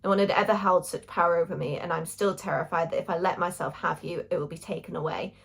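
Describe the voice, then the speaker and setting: A woman reading a guarded young woman's confession of love in a soft, hushed, earnest voice. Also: fairly low pitch, steady tone, fast, gravelly, slightly rough.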